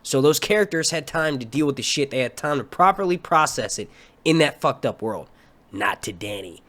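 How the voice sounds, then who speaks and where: Profane, excitable young man ranting live. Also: mid-range voice, normal speed. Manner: profane, excitable, talks in run-on asides. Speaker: livestream host reviewing a TV episode. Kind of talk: casual live-stream rant.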